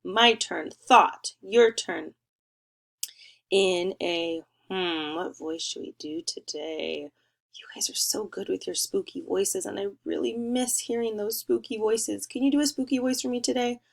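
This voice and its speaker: Slow, stretched-out words and an upbeat sing-song mark this young teacher's remote spelling lesson for first graders. Her voice is mid-range and creaky.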